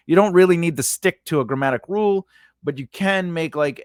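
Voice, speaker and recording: A man's voice: mid-range voice, smooth, dry recording, studio quality. A man giving a casual lesson on building grammar for invented languages, rambling and correcting himself, often checking in with "right?". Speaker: writing teacher.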